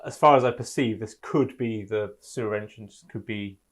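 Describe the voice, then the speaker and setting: A man's voice: fairly low pitch, moderate pace. A man playing a tabletop game, talking playfully and laughing often. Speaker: player. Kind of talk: casual tabletop play.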